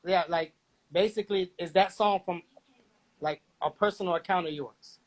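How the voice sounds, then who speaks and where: A man, a rapper, chatting casually in a playful, animated way with loud outbursts. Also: sits high, moderate pace, poor audio. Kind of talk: casual chat.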